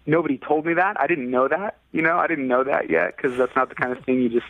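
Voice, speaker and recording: A musician guest from California tells a story in a rambling, casual way packed with fillers, acting out what others said in a raised voice. His voice is on the high side, gravelly, and quick, heard over a tinny, phone-like, dry line with no echo.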